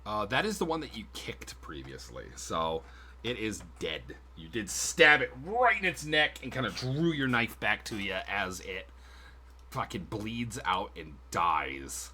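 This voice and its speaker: Lively bright-voiced male game master. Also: on the low side, unhurried, a little hiss or hum. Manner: casual, swearing, laughs often. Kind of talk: narrating a tabletop game on stream.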